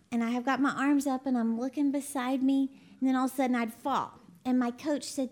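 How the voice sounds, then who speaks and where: Chatty woman preaching, high voice. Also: fairly even intonation, brisk, hardly any pauses. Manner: chatty, laughs often, folksy storytelling. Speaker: ministry CEO and preacher. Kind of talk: conversational sermon.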